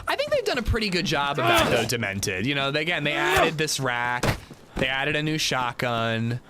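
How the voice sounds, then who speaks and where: A man's voice: medium pitch, huge pitch swings, normal speed. A man streaming a game, chatting casually and rambling, with lots of filler words. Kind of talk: casual livestream gaming commentary. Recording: noisy background hiss.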